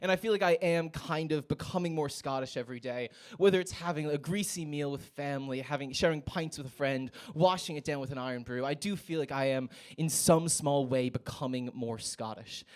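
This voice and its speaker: A man's voice: on the high side, fairly quick, hardly any pauses, smooth. A young American man performing a stand-up set in a comedy club, with a wry, self-mocking delivery.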